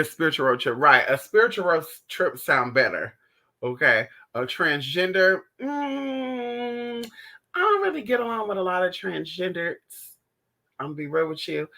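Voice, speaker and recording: Sassy, animated man chatting on a livestream. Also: on the high side. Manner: sassy, animated, profane, calls viewers honey; theatrical outbursts while retelling stories. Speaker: livestream host answering viewer chat. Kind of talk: casual livestream chat.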